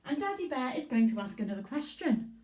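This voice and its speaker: A woman teaching young children a recorded literacy lesson in a slow, encouraging way. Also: high voice, big pitch swings, darkish tone. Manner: slow, encouraging and sing-song. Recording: echoey room, voice from far off.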